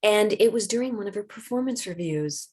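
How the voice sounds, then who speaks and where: A woman's voice: mid-range voice, animated, a little fast, a little mellow, slightly rough. A woman presenting a webinar, explaining communication tips in a conversational way with workplace examples.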